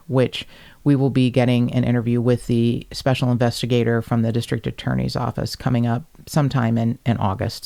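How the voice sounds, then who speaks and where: A woman hosting a podcast, telling stories in a casual, animated way, blunt and quick to swear. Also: rumbling low, vocal fry. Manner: animated, blunt storyteller who swears freely. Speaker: podcast host. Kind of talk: casual chat.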